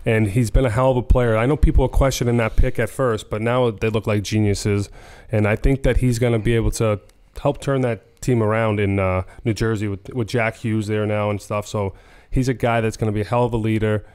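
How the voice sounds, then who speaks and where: A man's voice: on the low side, steady tone, brisk, few pauses, a little mellow, clean tone. Easygoing Boston man on a podcast. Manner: loose and joking, drops r sounds. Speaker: podcast co-host. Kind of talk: casual chat.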